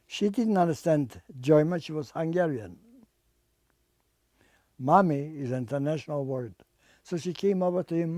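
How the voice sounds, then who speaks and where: An older man giving personal testimony as an interviewee, speaking haltingly and emotionally, often repeating and restarting his words. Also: a little high, warm tone, dry recording. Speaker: interviewee, artist.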